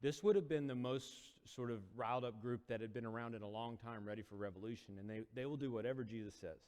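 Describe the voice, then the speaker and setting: A man's voice: medium pitch, fast talker, darkish tone. A male preacher retelling a Bible story in a casual, storytelling sermon, acting out quotes with rising intensity. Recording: long hall reverb.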